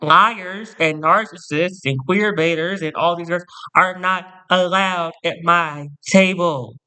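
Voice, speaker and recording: A man's voice: high-pitched, steady tone, slow, pushed and bright, smooth. A man ranting to camera in a storytime vlog, sassy, boastful and theatrical, repeating punchy catchphrases. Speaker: vlogger.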